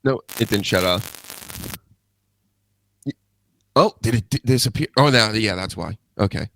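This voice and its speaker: A man's voice: fairly low pitch, unhurried, vocal fry, a bit bright, dry recording. A man hosting a live show, chatting loosely and joking, with casual swearing. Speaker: host.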